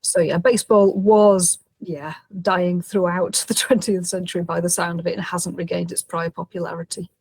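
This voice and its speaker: Husky-voiced woman co-hosting a podcast. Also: on the low side, little pitch movement, moderate pace, few pauses, darkish tone, dry recording. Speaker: podcast co-host. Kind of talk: casual chat recapping an episode.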